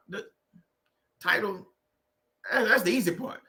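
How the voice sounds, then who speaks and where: A man's voice: high-pitched, a little slow, creaky, long pauses, pushed and bright. A man hosting a faith-based livestream, talking in a preachy, conversational way and repeating phrases for emphasis. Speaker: host of a faith-based livestream on narcissistic abuse. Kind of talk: live-stream motivational talk.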